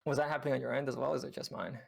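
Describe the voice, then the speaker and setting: A man's voice: medium pitch, little pitch movement, racing, gravelly, darkish tone, breathy edge. A man coaching a player through gameplay footage on a live stream, patiently explaining with lots of fillers. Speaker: game coach. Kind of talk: reviewing gameplay with a student on stream.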